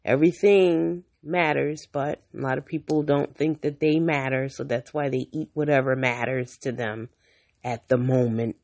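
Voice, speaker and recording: A woman's voice: extremely low pitch, steady tone, normal speed, gravelly, darkish tone. A woman talking frankly to the camera in a casual monologue, blunt and outspoken, now and then swearing, and acting out the people she quotes as she tells her story. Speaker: vlogger.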